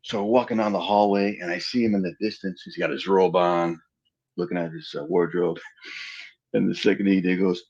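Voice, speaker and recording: Gravelly, husky man telling stories. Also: low voice, fairly quick, dull audio. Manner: animated storyteller acting out quoted dialogue. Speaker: interview guest. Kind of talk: casual storytelling interview.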